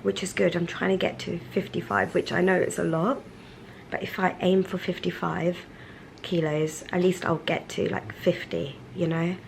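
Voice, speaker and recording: A woman talking candidly in a personal vlog from a hospital room, soft-spoken and halting, trailing off and restarting her sentences. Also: on the low side, level tone, creaky, slight background noise, rough recording. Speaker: vlogger.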